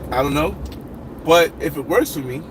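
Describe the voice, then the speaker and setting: A man hosting a casual livestream, reading viewer comments and rambling through his thoughts with loud shout-outs. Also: fairly high pitch, moderate pace, background noise. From United States. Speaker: livestream host.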